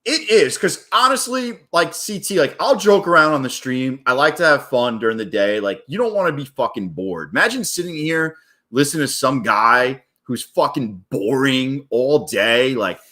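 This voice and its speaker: A man live-streaming his day trading, chatting casually and excitably, with plenty of swearing and hype. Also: medium pitch, normal speed. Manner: excitable, profane, hypes up his wins; rambling and casual.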